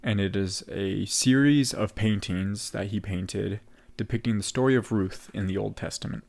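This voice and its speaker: A man with a fairly low voice talks casually on a theatre podcast. He walks through a play scene by scene and slips into quoting the characters' lines as he goes. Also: normal speed, creaky, darkish tone. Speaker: podcast co-host. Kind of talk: casual chat recapping a play.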